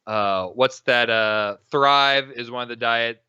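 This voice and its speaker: A young man with a bright, crisp voice, telling loose, meandering stories on a casual podcast and swearing freely. The recording is dry and a little dull, with a lo-fi edge. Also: mid-range voice, takes it slowly, no echo. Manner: rambling storyteller, swears freely, many fillers. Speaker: podcast co-host.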